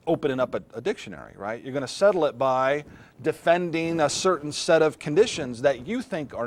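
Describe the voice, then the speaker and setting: A man's voice: mid-range voice, a little hiss or hum. Man giving a conversational philosophy lecture. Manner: conversational, asks the class questions. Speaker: philosophy professor. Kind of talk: classroom lecture. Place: classroom.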